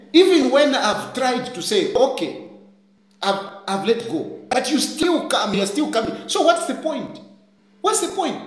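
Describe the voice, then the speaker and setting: A man's voice: high voice, echoey room. A Zambian man with a Zambian accent giving a defiant, repetitive political rant, switching between English and a local language. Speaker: political commentator.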